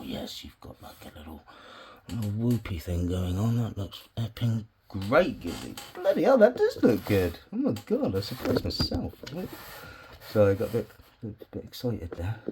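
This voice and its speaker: In a low, warm voice, a man chats casually to the camera while wiring a bonsai, with slight background noise. He's a bonsai hobbyist vlogger who swears frequently and talks to himself as he works.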